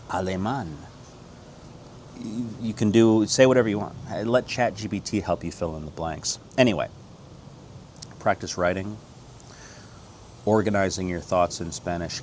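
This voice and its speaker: A middle-aged American man giving an upbeat, casual Spanish lesson. He moves quickly between English explanations and slow, drilled Spanish phrases. His voice sits low, with a faint hum of ambience behind him. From United States. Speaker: Spanish teacher.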